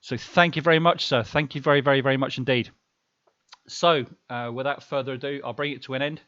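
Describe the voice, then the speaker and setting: A man's voice: medium pitch, fairly even intonation, brisk, a bit bright, no room sound, dull audio. Man, live stream host, casual rambling chat, dry close sound, middling voice. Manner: rambling, full of fillers and restarts.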